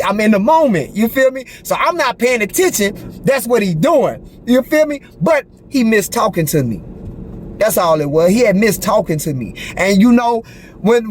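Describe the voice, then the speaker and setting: A man's voice: sits high, slight background noise. A man telling a personal story straight to the camera, talking in street slang with lots of swearing and constant check-ins with the listener. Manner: animated, profane street slang, repeats "you feel me". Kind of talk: casual storytelling monologue.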